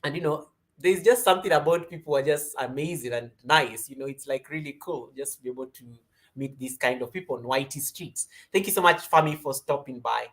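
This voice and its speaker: A woman from Kenya with a Kenyan accent, hosting a casual yoga livestream and chatting through viewer comments. She rambles and greets viewers by name, and her voice often jumps up in pitch and loudness. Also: fairly quick.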